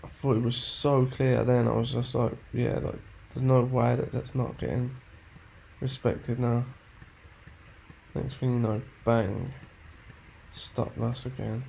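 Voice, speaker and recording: Gravelly man muttering, swearing. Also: medium pitch, level tone, unhurried, warm tone, a little hiss or hum. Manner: frustrated, swears often, thinks aloud. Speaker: trader backtesting charts. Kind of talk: muttering commentary to himself.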